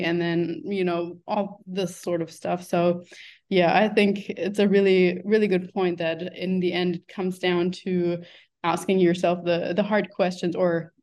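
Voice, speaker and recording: A woman's voice: on the low side, little pitch movement, normal speed, a little mellow. A woman hosting an interview, talking earnestly and posing direct rhetorical questions. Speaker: podcast host, interviewer. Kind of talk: casual interview talk.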